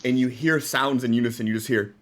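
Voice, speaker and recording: A man running a tabletop game as game master, describing the action slowly and searching for words. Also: medium pitch, fairly even intonation.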